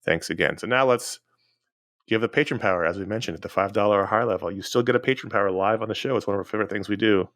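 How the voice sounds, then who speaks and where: A man's voice: on the low side, very fast, fairly bright tone, no echo, studio quality. A man co-hosting a podcast in a casual, chatty way, running through announcements and listener emails. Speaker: podcast co-host.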